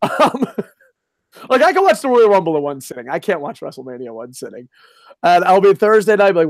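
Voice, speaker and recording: A man's voice: sits high, sing-song, fast talker, vocal fry, no echo, clean studio sound. A man co-hosting a casual wrestling chat, sarcastic and swearing freely, laughing at his own jokes. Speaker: podcast co-host.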